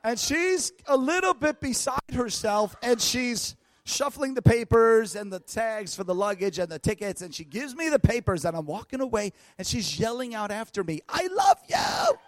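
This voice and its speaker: A man preaching a storytelling sermon at a church service, lively, laughing often and breaking into shouts. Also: high voice, moderate pace, few pauses, no room sound. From United States.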